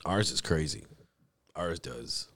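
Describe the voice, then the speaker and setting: A young man co-hosting a casual podcast, telling profane, laughing stories in lively chat. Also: low-pitched, takes it slowly, no echo, studio quality. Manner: profane, laughing, animated storytelling. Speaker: podcast co-host.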